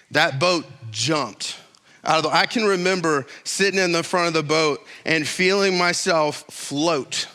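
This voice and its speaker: A man preaching a casual, conversational sermon in a church, telling stories and getting animated. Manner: conversational and animated, tells stories, rises high when excited. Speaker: pastor.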